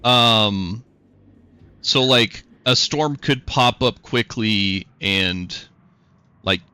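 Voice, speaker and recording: A man's voice: on the low side, drawn-out words, sharp tone, clean tone. A man narrating as game master in a rambling, casual way, swearing often.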